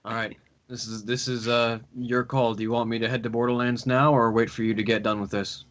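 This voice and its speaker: A man's voice: medium pitch, flat delivery, fairly quick, fairly bright tone, highs cut off. Hesitant man in a tabletop game. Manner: hesitant, repeats words. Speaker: player. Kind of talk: in-character role-play chat.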